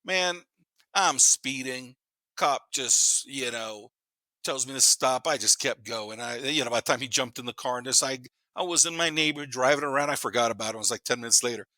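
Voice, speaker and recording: A man in his fifties, a podcast guest, telling rambling, animated stories in casual chat, swearing freely and laughing as he goes. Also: medium pitch, moderate pace, dry recording. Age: 50s. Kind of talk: casual storytelling.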